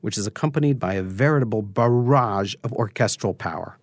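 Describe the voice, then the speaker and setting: A man narrating a scripted opera lecture, explaining in a measured, articulate way. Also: lowish voice, noisy background.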